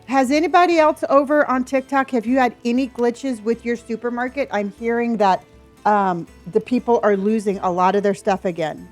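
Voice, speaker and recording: Bubbly woman streamer, chatty and upbeat, a bit high, faint music behind. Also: fairly even intonation, moderate pace. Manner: bubbly, greets chat by name. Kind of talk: casual livestream chat. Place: home.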